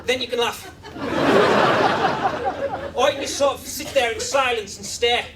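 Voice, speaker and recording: A man doing stand-up in a comedy club, deadpan and awkward, stumbling over his own starts. His voice sits high for a man, and he sounds a bit far from the mic. A loud crowd laughs all through the set. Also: moderate pace, very noisy. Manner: deadpan, awkward, hesitant restarts. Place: comedy club stage with live audience.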